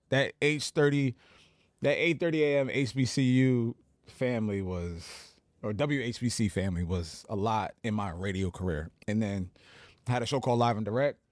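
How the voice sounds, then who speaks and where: A man in his forties from New Jersey tells stories of his radio days as a podcast guest. His voice sits on the low side and the sound is dry and close. He talks in a relaxed way, full of fillers. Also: moderate pace, dry recording. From Plainfield, New Jersey. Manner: relaxed storytelling with many fillers. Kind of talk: casual podcast interview.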